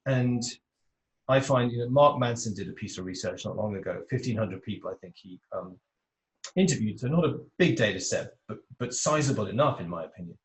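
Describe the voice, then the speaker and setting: A man with a British accent, a podcast guest, explaining his ideas in a measured, reflective way. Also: on the low side, lively intonation. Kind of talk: conversational interview. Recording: echoey room sound.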